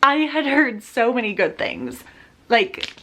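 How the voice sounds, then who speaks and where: A young woman chatting casually to the camera about books, full of fillers and animated retellings. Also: a little high, takes it slowly. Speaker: book vlogger. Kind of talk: casual vlog chat. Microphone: camera mic, talking close to camera.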